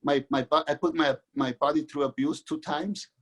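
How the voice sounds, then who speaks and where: A middle-aged man from Mexico, a guest author, telling his own life story in an earnest, halting way with many restarts. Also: on the high side, steady tone, husky. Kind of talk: candid personal storytelling.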